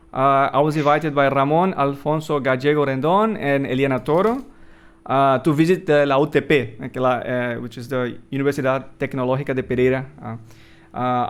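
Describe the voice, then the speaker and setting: A man's voice: on the high side, clean tone. A man hosting an interview who asks friendly questions with frequent fillers. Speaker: podcast interviewer.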